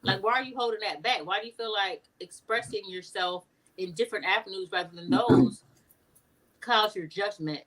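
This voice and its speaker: A woman co-hosting a relaxed podcast conversation. She is playful and laughs easily, but she speaks her mind plainly. Her voice sits at an ordinary middle pitch. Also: normal speed, rough recording. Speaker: podcast co-host. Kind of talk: casual discussion.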